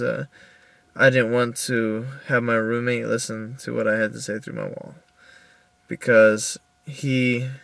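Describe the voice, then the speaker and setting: A young man recording a personal video diary in his car, upset and halting, with many restarts as he tells what happened. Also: medium pitch, gravelly, a bit bright, no room sound. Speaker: video diarist.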